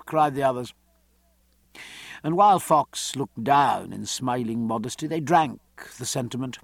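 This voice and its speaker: Male audiobook reader, expressive and animated, dry studio sound. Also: medium pitch, unhurried, vocal fry, no room sound. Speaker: audiobook narrator. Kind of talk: scripted narration.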